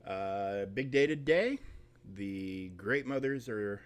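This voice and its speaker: A man with a somewhat low voice hosts a casual live game stream. He rambles along, filling pauses with ums and uhs as he thinks aloud. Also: animated, clean tone. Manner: rambling, chatty, full of fillers. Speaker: streamer host.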